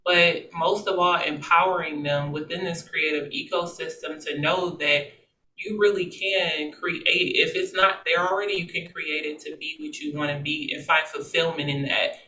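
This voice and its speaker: Bright-voiced encouraging host in an echoey room. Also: male voice, on the high side, steady tone, normal speed. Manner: earnest, encouraging. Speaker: podcast host. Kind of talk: interview questions and praise. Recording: roomy echo, far from the mic.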